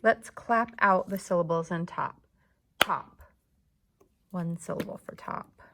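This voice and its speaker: A woman's voice: fairly low pitch, moderate pace, creaky, background noise. A woman teacher leading a lesson for young children, patiently clapping out the syllables of words.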